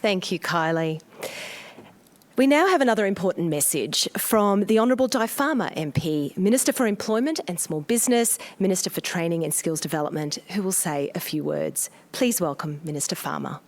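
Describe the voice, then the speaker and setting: A woman's voice: lowish voice, lively intonation, brisk. A woman compering a forum, making a polite, ceremonial introduction. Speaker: event MC. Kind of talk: formal introduction.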